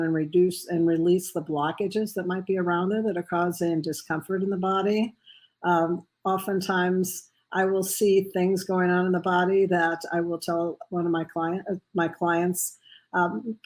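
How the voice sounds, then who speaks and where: Woman, interview guest, lowish pitch, hesitant, lots of fillers. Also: flat delivery, moderate pace, low-quality recording. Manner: hesitant, many ums and uhs. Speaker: guest, medical intuitive. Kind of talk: radio interview answers.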